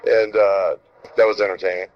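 A middle-aged man, a former pitcher, telling stories in casual chat, acting out quotes and swearing freely. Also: normal speed. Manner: animated storyteller, acts out quotes, swears freely. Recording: dull lo-fi sound.

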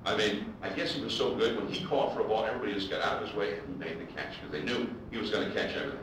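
A male baseball broadcaster telling lively anecdotes to an audience and acting out the quotes. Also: on the low side, rapid-fire, background noise. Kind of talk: storytelling speech to an audience. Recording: echoey hall, distant mic, audience laughter.

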